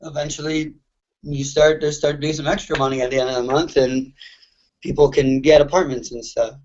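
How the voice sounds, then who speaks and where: A man's voice: fairly high pitch, flat delivery, brisk, a little mellow. A young man from the Philadelphia suburbs, chatting loosely as a guest musician, with lots of fillers and swearing. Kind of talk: casual interview chat. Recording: muffled lo-fi audio.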